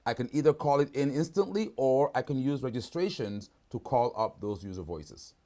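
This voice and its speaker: In a mellow mid-range voice with lively intonation, a man leads a live product demo over video at a normal speed. He chats casually and repeatedly asks "right?"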